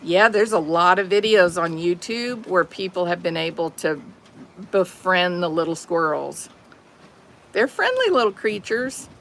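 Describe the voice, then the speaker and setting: A chatty woman with a drawl talks in a slow, unhurried way, her pitch rising and falling in lively swoops. She is vlogging outdoors, and a steady hiss of noise sits under her voice. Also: creaky, low-quality recording. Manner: chatty, talks to her pets, laughs often. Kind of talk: casual live-stream chat.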